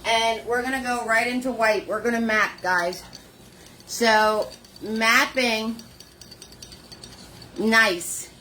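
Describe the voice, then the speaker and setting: A woman leading a live painting lesson, chatty and warm with viewers, greeting them by name in sing-song hellos. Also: a little high, steady tone, slow pace, pauses often, slight background noise. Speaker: painting instructor.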